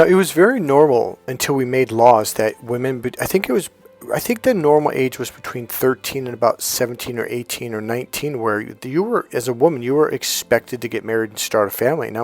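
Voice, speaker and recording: A middle-aged man talking as a dating coach in a casual, rambling monologue, retelling old conversations in quotes. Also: mid-range voice.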